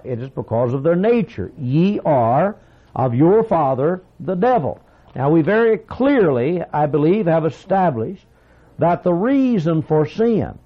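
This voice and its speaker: A man preaching a sermon, reading scripture aloud and explaining it in a deliberate, emphatic way. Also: a little high. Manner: deliberate, emphatic, reads scripture aloud in King James wording. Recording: dull lo-fi recording.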